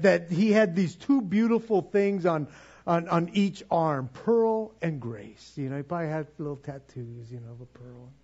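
Husky high-voiced man preaching. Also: darkish tone, highs cut off. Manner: conversational, with acted-out asides and repetitions. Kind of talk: sermon.

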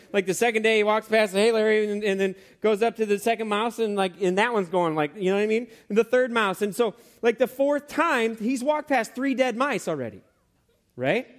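A male preacher with a higher-than-average voice delivers a sermon. He tells stories in an animated way and often restarts his phrases, filling them with casual fillers.

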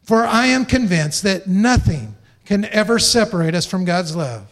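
A man's voice: high-pitched, expressive, moderate pace. A man preaching a sermon as pastor, emphatic, stressing points through repeated phrases and joking lightly with the congregation.

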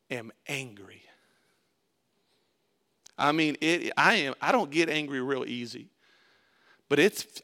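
A man's voice: a little high, vocal fry, pushed and bright. A male pastor preaching a sermon, telling a candid story with self-mocking humor.

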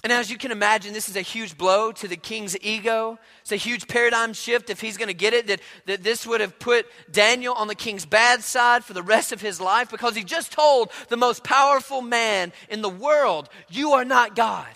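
A male pastor with an unusually high, bright, ringing voice, telling a story in a loose, conversational way and often repeating his words. His voice carries a long hall reverb, as if he is preaching in a large church. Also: moderate pace, hardly any pauses. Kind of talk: sermon.

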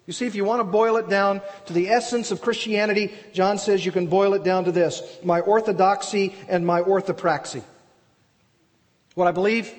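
A man's voice: high-pitched, in a large hall. A man preaching an expository sermon, earnest and emphatic, asking and answering his own questions. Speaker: pastor.

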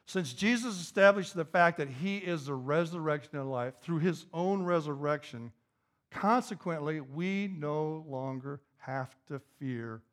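A pastor preaching a sermon, repeating key phrases and building to an emphatic, raised intensity. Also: male voice, on the high side, fairly bright tone.

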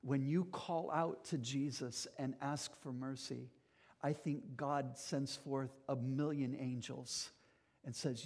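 A man's voice: medium pitch, fairly even intonation, slow, darkish tone. A man preaching a sermon as pastor, earnest and emphatic, speaking directly to his congregation.

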